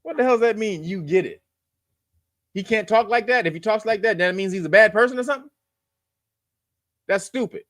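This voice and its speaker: A man's voice: high-pitched, a little fast, long pauses, a bit bright, no room sound, studio quality. A man hosting a news commentary show, blunt and profane, lecturing his viewers. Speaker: host.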